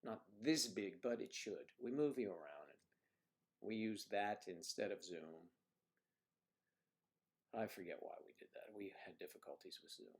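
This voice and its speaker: A man's voice: fairly low pitch, expressive, a little slow, pauses often. Chatty man hosting a livestream. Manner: rambling, chatty, reads out viewer comments. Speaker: livestream host. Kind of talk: casual chat with viewers.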